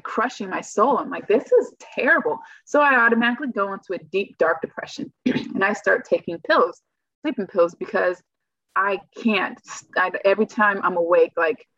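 Her voice sits on the low side with a slight brightness, and there's no echo, though the audio is a bit muffled. As a guest, she rambles casually through a story about herself, leaning heavily on "like" as a filler.

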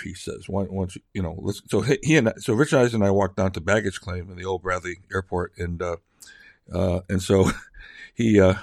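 A middle-aged man tells rambling family stories in an easy, casual way. His low voice swings widely up and down as he acts out the people he quotes. The recording is close and dry. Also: expressive, brisk, vocal fry, no echo. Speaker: father telling stories. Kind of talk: casual personal storytelling.

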